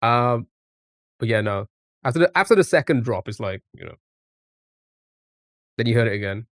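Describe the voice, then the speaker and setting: A man's voice: mid-range voice, lively intonation, moderate pace, fairly bright tone, no echo. Chatty male streamer, dry sound. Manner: chatty, reacts to chat. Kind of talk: casual live-stream chat.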